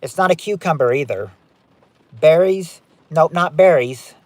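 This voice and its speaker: A fairly high-voiced man hosting a game night on a live stream, reading out guesses and ruling on them in a chatty, running patter. His voice sounds dry and close, with no room echo. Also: a little slow, darkish tone. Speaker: game show host.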